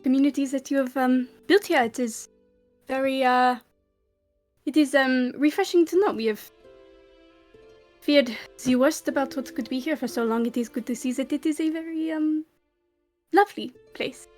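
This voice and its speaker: A woman's voice: high voice, moderate pace, long pauses, a little mellow, soft background music, natural voice. A woman voicing a polite, formal newcomer who speaks hesitantly. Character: polite, formal young woman newly arrived.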